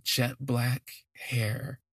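A man's voice: mid-range voice, level tone, drawn-out words, fairly bright tone, slightly rough, dry recording. Man, podcast storytelling, rambling, gushing, self-correcting, dry close sound. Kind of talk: personal storytelling.

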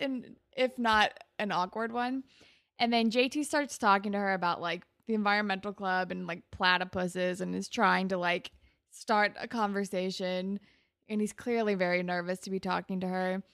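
A woman's voice: medium pitch, a bit bright, no echo, clean studio sound. A young woman casually recapping a TV episode with a co-host, chatty and sarcastic, full of "like". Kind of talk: casual chat.

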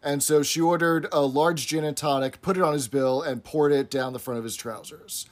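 Slightly high-voiced man recapping an episode. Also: normal speed. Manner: steady recapping with fillers like "um" and "uh". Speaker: podcast co-host. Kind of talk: casual chat and episode recap.

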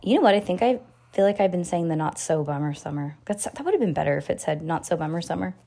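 A woman's voice: on the low side, animated, quick pace, gravelly, dark tone, slight background noise. A woman in her thirties, a mother hosting a podcast, chatting with her child and reading a children's book aloud in a giggly, talkative way.

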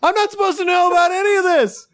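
A game master voicing a panicked male comedian, yelling in frantic outrage. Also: high voice, expressive, fast, voice pushed up. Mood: outraged.

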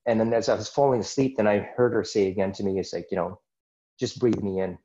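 Man, low voice, earnest rambling storyteller, podcast guest, dull lo-fi sound. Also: fast talker, mellow. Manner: earnest, rambling, many "it's like" asides. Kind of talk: personal storytelling in a casual interview.

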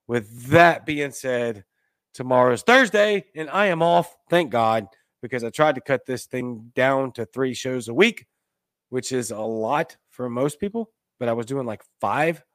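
A man hosts a casual livestream chat in a loose, rambling way, swinging between loud bursts and muttered asides. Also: mid-range voice, lively intonation, unhurried, no echo. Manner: loose and rambling, with swerves in loudness and pace. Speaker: host.

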